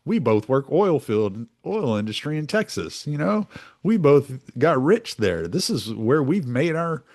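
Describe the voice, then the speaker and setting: A man's voice: medium pitch, big pitch swings, unhurried, a little mellow, no echo, studio quality, voice pushed up. A man putting on a folksy male oilman politician who cozies up to a rival with sly, backhanded friendliness. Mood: mock-friendly.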